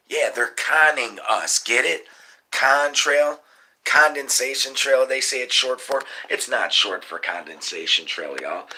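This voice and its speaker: A man, hosting a live stream and ranting excitably about conspiracies, cursing often and calling to viewers as y'all. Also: mid-range voice, unhurried. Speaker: livestream host. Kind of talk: casual live-stream rant. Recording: noisy live-stream audio.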